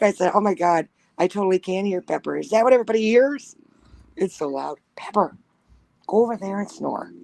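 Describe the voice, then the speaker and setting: A woman's voice: fairly low pitch, gravelly, a little mellow, rough recording. A woman telling a story in casual talk at home, blunt and swearing freely, often giggling. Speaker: panel guest. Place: at home with pets nearby. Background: dog snoring.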